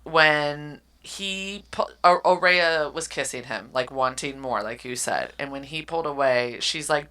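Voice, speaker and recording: A woman in her thirties co-hosting a casual book podcast, animated, acting out characters' lines and laughing often. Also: low-pitched, measured pace. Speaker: podcast co-host.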